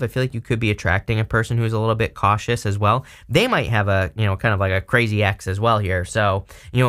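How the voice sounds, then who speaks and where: A man's voice: lowish voice, fairly bright tone. A man hosting his own channel, giving a casual tarot reading in a meandering, conversational way with asides to his viewers. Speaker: tarot reader, channel host.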